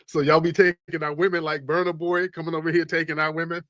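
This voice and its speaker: A man's voice: a little high, little pitch movement, fast talker, sharp tone, no echo. A man hosting a casual call-in show, slangy and teasing, who laughs often. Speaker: talk show host.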